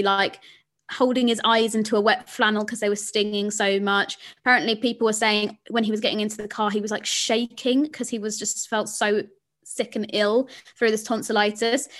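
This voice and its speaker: A woman's voice: mid-range voice, a bit bright. A woman co-hosting a podcast, chatting casually and filling her sentences with "like". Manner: chatty, fills with "like". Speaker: podcast co-host. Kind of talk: casual chat.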